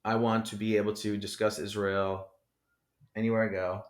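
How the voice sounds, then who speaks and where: A man's voice: lowish voice, little pitch movement, moderate pace. Rambling, profane man from New Jersey. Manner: rambling, profane, heavy on "you know". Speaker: podcast guest, rapper. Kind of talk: casual interview chat. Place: podcast studio. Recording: roomy echo.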